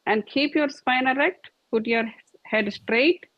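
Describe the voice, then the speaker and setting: A woman's voice: sits high, slow pace, dry recording. A woman teaching a yoga and meditation class, patient and repetitive as she shows each posture. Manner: patient, repetitive, demonstrating with gestures. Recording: dull lo-fi dry recording.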